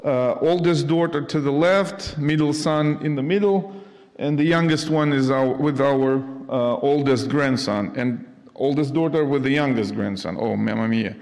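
A man in his fifties from Ukraine, speaking to an audience as a missionary, halting with many fillers and restarts, with light jokes. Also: mid-range voice, darkish tone. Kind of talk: casual talk to an audience. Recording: long hall reverb.

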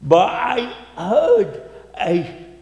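A man preaching a storytelling sermon, slow and dramatic, swinging from loud outbursts to hushed tones. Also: very high voice, huge pitch swings, vocal fry, muffled recording. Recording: echoey hall.

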